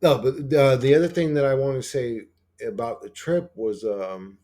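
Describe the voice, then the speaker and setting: A man's voice: normal speed, mellow. A man rambling casually as a channel host, swearing often and full of fillers and restarts. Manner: acts out quoted dialogue in a higher voice.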